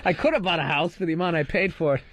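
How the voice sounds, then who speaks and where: A man with a noticeably high voice riffing in sarcastic rants on a comedy podcast. He complains in a mock-exasperated way between bursts of laughter. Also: rapid-fire, heavy background noise. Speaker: podcast co-host. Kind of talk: casual comedy podcast chat.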